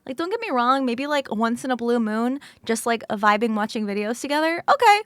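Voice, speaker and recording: A woman's voice: a little high, lively intonation, fairly quick, a bit bright, no room sound, studio quality. A woman streamer chatting casually with viewers, sleepy and just woken up, laughing often.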